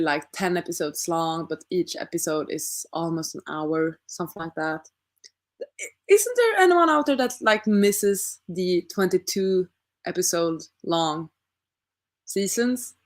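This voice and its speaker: A young woman casually chatting with her stream audience, thinking aloud and asking rhetorical questions. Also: lowish voice. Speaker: livestream host reading chat. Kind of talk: casual chat.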